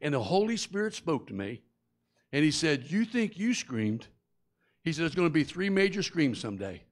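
A man's voice: on the high side, big pitch swings, brisk. A middle-aged man preaching a sermon, telling a personal story and acting out the voices and screams of the people in it. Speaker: guest preacher.

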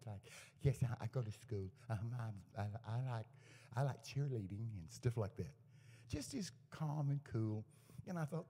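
A man preaching a sermon to a live congregation, telling folksy stories and acting out the dialogue in them. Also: mid-range voice. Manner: folksy anecdotes with lively quoted dialogue. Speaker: guest preacher. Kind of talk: storytelling sermon. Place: church service to a live congregation. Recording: echoey church hall.

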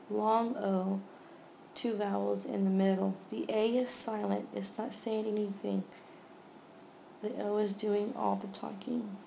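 A woman teacher slowly sounding out words one by one in a phonics lesson. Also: mid-range voice, level tone, gravelly, mellow. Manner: slow, deliberate sounding-out of each word. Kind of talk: phonics word sort lesson. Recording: slightly muffled with faint background hiss.

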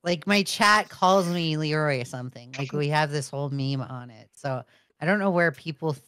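A woman's voice: sits low, moderate pace, a bit bright, smooth, no echo, studio quality. A woman co-hosting a podcast in casual chat, blunt and joking, swearing freely. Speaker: podcast co-host.

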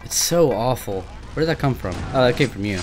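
A man's voice: mid-range voice, animated, a little fast, music in the background. Jittery swearing man playing a horror game. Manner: jittery, swearing, talking to monsters. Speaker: gameplay commentator. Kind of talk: let's play commentary.

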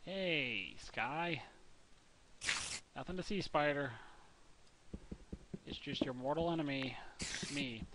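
A man's voice: a little high, expressive, slow, pauses often. A young man giving casual, goofy, rambling commentary as he plays a game, talking to himself and his viewers. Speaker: let's play gamer. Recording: noisy home mic recording.

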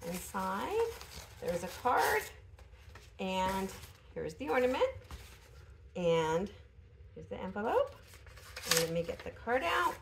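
A woman vlogger chatting casually at home while unboxing a gift, pausing and laughing softly, still recovering from an illness. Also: mid-range voice, a little hiss or hum. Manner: chatty, hesitant, frequent small laughs. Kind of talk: casual chat.

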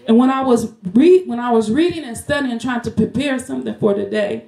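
A woman with a fairly high, dark-toned voice and vocal fry speaks fairly quickly, preaching a Mother's Day sermon in a home church. She's fervent, now and then breaking into song and laughing as she preaches. The room is echoey.

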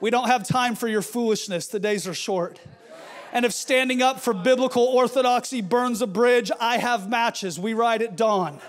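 A male pastor delivering a fiery sermon with forceful, shouted refrains. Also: very high voice, moderate pace.

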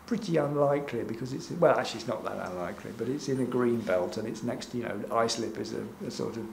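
A man's voice: medium pitch, fast, creaky. A man giving an informal public talk over slides, hesitant and full of fillers, with a wry, chuckling manner. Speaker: invited speaker. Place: gallery event room. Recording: echoey room with faint background hum.

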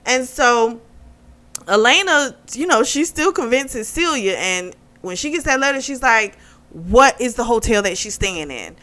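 Bright, chatty woman reviewing a book. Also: a little high, animated, a little slow. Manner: chatty plot retelling, laughing often. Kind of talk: casual chat.

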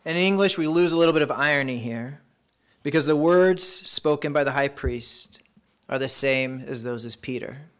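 A man preaching a sermon as pastor, reading scripture dramatically. He slows down for emphasis and drops into hushed tones. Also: mid-range voice.

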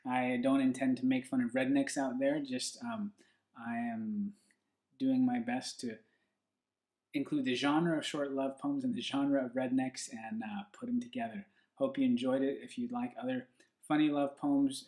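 A man's voice: mid-range voice, darkish tone, echoey room. A man hosting his own video, explaining in an earnest, step-by-step way how a poem is built. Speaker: poet and video host. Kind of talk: casual explanatory monologue.

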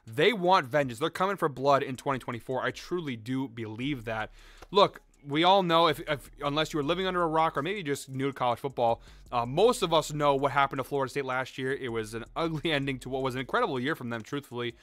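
A young man hosts a sports betting show, pitching his picks in a hyped, rapid, salesy delivery full of energy. His mid-range voice has a fairly bright tone, and the recording is dry.

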